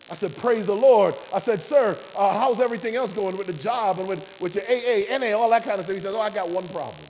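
A man preaching a sermon, telling a testimony with passion, his voice swinging from hushed to loud. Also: high voice. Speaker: preacher and doctor. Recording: long hall reverb with electrical hum and hiss.

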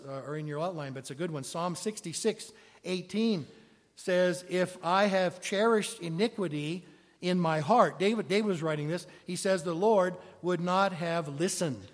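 A man's voice: sits high, moderate pace. A man preaching a sermon in a conversational way, asking his congregation questions as he goes. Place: church sanctuary. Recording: long reverb of a large hall.

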